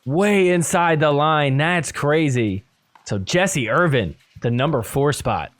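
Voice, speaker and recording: A man hosting a sports podcast, recapping games in a casual, excitable way and laughing at the calls. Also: fairly high pitch, takes it slowly. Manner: excitable, laughing, mock-quoting players. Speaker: podcast host.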